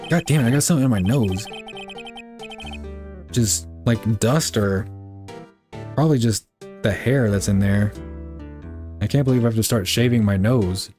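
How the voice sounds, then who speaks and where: A man's voice: mid-range voice, a little mellow. A young man streaming a game live, reading the dialogue aloud and cracking crude jokes. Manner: joking, crude asides.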